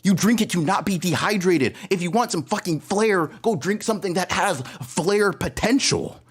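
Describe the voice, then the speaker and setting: A man's voice: sits high, animated, moderate pace, breathy edge. A man co-hosting a podcast, ranting in exasperation and swearing a lot in casual chat. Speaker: podcast co-host.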